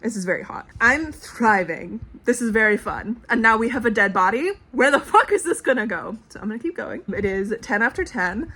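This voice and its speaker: A young woman from the Canadian prairies talking in a casual book vlog at home, chatty and excitable with a lot of swearing and "like". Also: a little high, brisk, few pauses, husky. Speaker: book vlogger. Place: home at night. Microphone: small clip-on mic.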